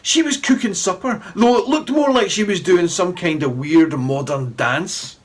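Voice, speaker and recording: A middle-aged man, a children's author chatting and reading a story aloud in an animated way. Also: sits high, measured pace.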